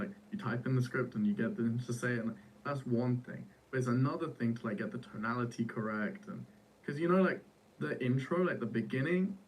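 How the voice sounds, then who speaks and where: Casual young guy in a podcast chat, slightly distant mic, faint room hum. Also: mid-range voice. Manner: casual, slangy, says "bro" and "like" a lot. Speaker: founder of an AI startup.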